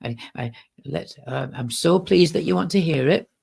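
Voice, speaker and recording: A woman's voice: low-pitched, normal speed, gravelly, a little mellow, breathy edge, voice pushed up, exaggerated voice. A man putting on a chatty, eager woman poet with a Manchester accent. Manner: apologetic, eager, breathless chatter.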